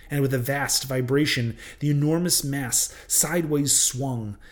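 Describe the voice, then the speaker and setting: A man narrating with dramatic expression. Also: mid-range voice. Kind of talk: audiobook narration of a classic novel.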